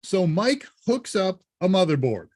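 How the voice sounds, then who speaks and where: A man's voice: high voice, big pitch swings, measured pace, a little mellow, no echo. Chatty man hosting a live Q&A. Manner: chatty, jokey, thinks aloud. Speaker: live Q&A host. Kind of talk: casual live-stream chat.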